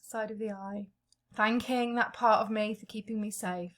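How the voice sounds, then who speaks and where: A woman guides an EFT tapping session, slowly and gently calling out each tapping point. Her voice is medium-pitched with a steady tone.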